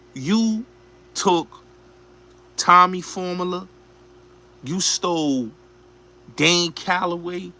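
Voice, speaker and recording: A man's voice: a little high, bright, forceful tone. A man hosting a show, delivering a blunt, profane, repetitive ranting commentary. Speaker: show host.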